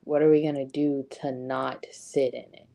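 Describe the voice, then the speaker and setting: A woman's voice: rumbling low, level tone, normal speed, vocal fry, mellow. A woman giving a casual motivational talk, conversational, with frequent ums and rhetorical "right?" questions. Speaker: host.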